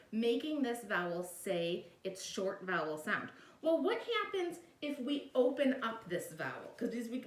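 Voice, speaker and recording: A woman's voice: a little high, a bit bright, recorded from a distance. A woman teacher giving a recorded video lesson, explaining patiently step by step and often checking in with "all right?". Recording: echoey room, voice a bit off-mic.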